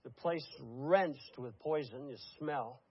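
A man's voice: medium pitch, slow, husky, dry recording. An older man preaching a sermon to a congregation, building to emphatic peaks with frequent fillers, in a dull lo-fi recording. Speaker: pastor. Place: church congregation.

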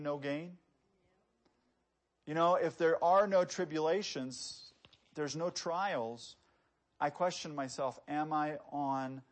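A man with a high-pitched voice delivers a sermon. He talks easily with his listeners and throws rhetorical questions at them. When he reads scripture, his emphasis builds. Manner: conversational, quoting scripture with rising emphasis; asks the congregation rhetorical questions. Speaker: preacher.

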